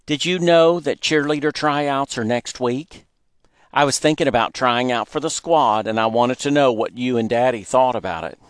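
A man's voice: medium pitch, normal speed, clear, resonant tone, no echo, pitched above the performer's own voice, lightly acted. A man voicing an eager, polite teenage girl.

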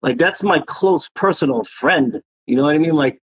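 A man tells long, profane stories, circling back with fillers as he goes. His voice sits a bit high and sounds husky. The recording is dry and dull, like muffled podcast audio. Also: lively intonation, normal speed, dry recording. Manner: rambling, profane street talk with many fillers. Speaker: interview guest, graffiti writer. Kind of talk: casual storytelling interview.

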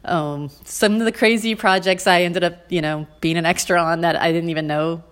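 A woman co-hosting a casual podcast, telling a rambling anecdote with lots of ums and asides. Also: moderate pace. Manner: rambling with many ums, acts out her own quotes in a high excited voice. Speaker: podcast co-host. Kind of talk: casual storytelling chat.

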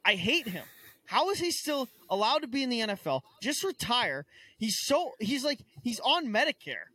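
A man's voice: very high voice, very animated, moderate pace, bright, forceful tone, no room sound. A young man co-hosting a casual sports podcast, ranting in exasperation with stammered restarts. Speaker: podcast co-host.

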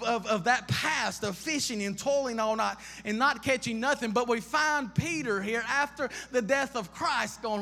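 A man delivers an impassioned sermon in a high, bright voice. He stacks question upon question and restarts phrases as he builds. His voice trails off into the long reverb of a large hall. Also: unhurried, creaky, few pauses. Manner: impassioned, piles up repeated questions, frequent restarts. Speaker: preacher.

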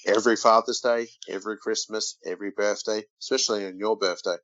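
A man's voice: fairly low pitch, fairly even intonation, quick pace, fairly bright tone, no room sound. An Australian man co-hosting a casual podcast, reading odd news stories aloud and teasing his brother. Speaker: podcast co-host. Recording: dull lo-fi dry recording.

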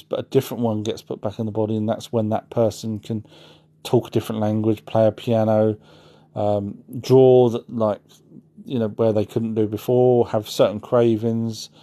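A man's voice: lowish voice, dark tone. A man hosting a casual livestream, answering chat in a rambling way and often correcting himself. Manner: rambling, self-correcting, apologetic asides.

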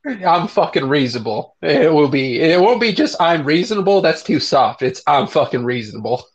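A man's voice: on the high side, animated, normal speed. Young male co-host, crude joker, dull lo-fi recording. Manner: crude, swears freely, laughs at own jokes. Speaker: podcast co-host. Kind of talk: casual joking chat. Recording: dull lo-fi sound.

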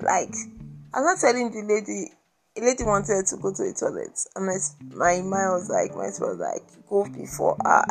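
A Nigerian woman hosting a podcast, telling a personal story in a casual, animated and exasperated way, repeating herself for emphasis. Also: medium pitch. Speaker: podcast host.

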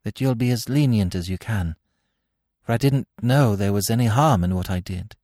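A man's voice: lowish voice, normal speed, dark tone, no echo, studio quality, pitched above the performer's own voice, close to an everyday voice. A man voicing a nervous male prison warder who answers in a subdued, hesitant, dogged way in an audiobook reading.

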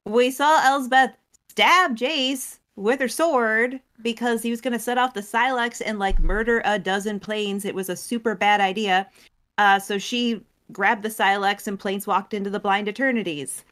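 A woman co-hosting a casual recap show, retelling a story and acting out characters' lines in quick voices. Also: fairly high pitch, fairly even intonation, a bit bright. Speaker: co-host recapping story lore. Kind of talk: casual chat.

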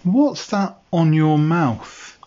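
A man's voice: a little high, expressive, extremely slow, darkish tone, voice pushed up. Curious blunt dino bloke, a man doing the voice, asks nosy stuff, muffled recording. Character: curious, blunt male ankylosaur named Bob. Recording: dull lo-fi sound.

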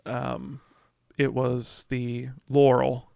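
A man's voice: medium pitch, monotone, drawn-out words, vocal fry, a little mellow, dry recording, studio quality. A man co-hosting a podcast, discussing a novel in a reflective, hesitant way with many restarts. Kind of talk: casual book discussion.

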